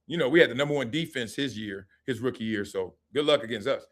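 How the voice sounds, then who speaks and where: A middle-aged man, a former football player, hosting a live sports talk stream and telling stories in a lively, joking way. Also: medium pitch. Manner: animated storytelling with laughs and quick asides.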